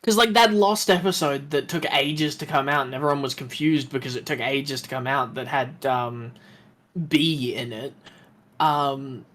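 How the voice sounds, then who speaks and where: An Australian man co-hosting a game stream in casual chat. His voice sits at an average pitch, and he rambles with many fillers. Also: moderate pace, a bit bright.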